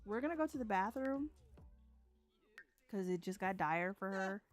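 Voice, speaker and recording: A woman's voice: medium pitch, expressive, normal speed, faint music behind. A woman streaming a life-sim game, chatting casually, giggling often and narrating what her characters think and say. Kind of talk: casual let's-play commentary.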